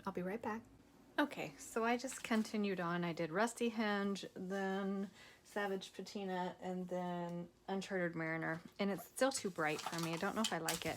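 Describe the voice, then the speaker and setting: A tired woman hosting a crafting video, chatting casually and softly, at times dropping to a whisper as she works. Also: mid-range voice, slight background noise. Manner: soft-spoken, drifts into whispers while working.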